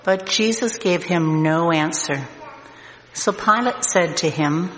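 A man reading scripture aloud as narration, slow and deliberate. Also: a little high, fairly bright tone. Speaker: scripture reader. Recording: echoey hall, long reverb, faint noise.

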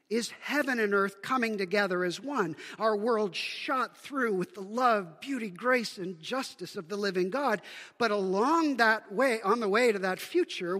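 A Canadian man preaches in a high, bright voice, talking easily and posing rhetorical questions to his listeners. His words ring out with a long reverb through a church sanctuary. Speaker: pastor. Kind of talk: sermon.

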